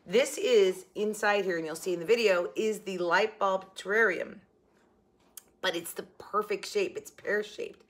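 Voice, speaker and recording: A middle-aged woman hosting a craft vlog from her kitchen, rambling and animated, correcting herself as she talks. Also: medium pitch, unhurried. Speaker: crafting channel host. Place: home kitchen.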